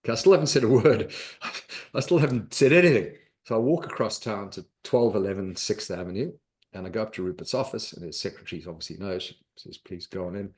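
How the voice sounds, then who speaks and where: Low-voiced man telling stories. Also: fast talker. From South Africa. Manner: lively anecdotal storyteller, acts out quoted voices. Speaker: podcast guest, investor. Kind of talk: storytelling in a podcast interview.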